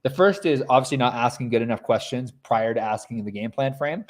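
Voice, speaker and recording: A man's voice: medium pitch, animated, brisk. A man co-hosting a casual podcast chat, talking loosely with lots of fillers.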